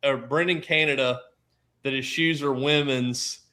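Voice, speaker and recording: A man on a casual sports roundtable, telling animated stories and acting out quotes from friends. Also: mid-range voice, a little slow. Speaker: podcast panelist.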